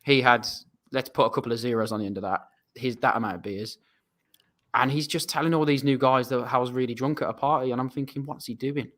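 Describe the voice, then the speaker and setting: A man's voice: mid-range voice, fast talker, fairly bright tone. A young English man, a footballer guest, telling a long rambling anecdote in a casual, self-deprecating way. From England. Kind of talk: casual storytelling.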